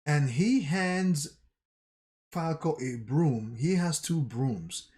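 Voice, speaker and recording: Man, channel host, manga recap, slow unhurried pace, halting, restarts. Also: fairly high pitch, animated, a little mellow. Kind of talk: reading and recapping a manga chapter.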